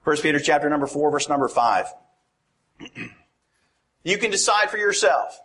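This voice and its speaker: Conversational male preacher, higher voice. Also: lively intonation, normal speed, a bit bright. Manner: conversational, asks the congregation questions. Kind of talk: sermon.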